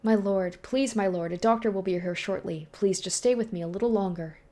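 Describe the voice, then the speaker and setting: A woman's voice: mid-range voice, fairly quick, dark tone, natural voice. A woman reading a visual novel aloud, voicing a devoted male advisor pleading urgently with his lord.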